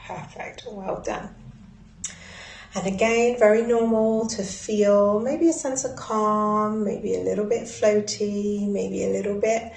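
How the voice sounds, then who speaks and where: A woman leading a guided breathwork and ritual session in a soothing, gently instructive way. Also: medium pitch, steady tone, unhurried. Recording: echoey room.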